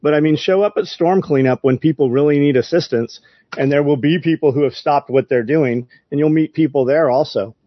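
A man's voice: a little high, fairly quick, lo-fi sound. A man giving practical advice in a casual podcast chat.

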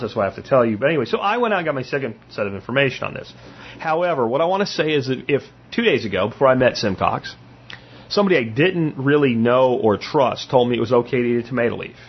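A man's voice: medium pitch, breathy edge, muffled recording. A man hosting a solo podcast, talking casually and bluntly, rambling and swearing as he tells a story and acts out quotes. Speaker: podcast host.

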